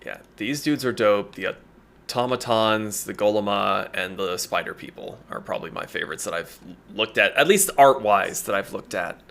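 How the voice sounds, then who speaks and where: Man, casual podcast host, bright voice, easygoing rambling delivery. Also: on the low side, normal speed, creaky. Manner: laid-back, rambling, laughs often. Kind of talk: casual chat.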